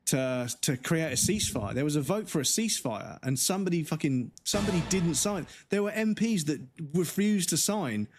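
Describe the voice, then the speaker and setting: A British livestream gamer in his forties rants casually and angrily, swearing and restarting in halting bursts. His medium-pitched voice is going hoarse.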